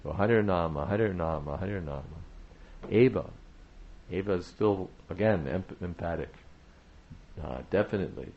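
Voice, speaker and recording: A man giving a devotional talk on chanting, speaking in a measured way, pausing often with "uh" and repeating phrases for emphasis. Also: low-pitched, muffled recording. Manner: measured, repetitive emphasis with frequent "uh" pauses. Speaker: spiritual teacher.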